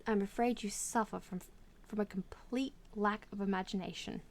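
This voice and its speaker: Here the Australian woman's take on the storybook game's gloating old male bird villain is fairly natural: mid-range, a little mellow, with fairly even intonation. She still delivers it theatrically, sneering, slow and grand, with slight background noise.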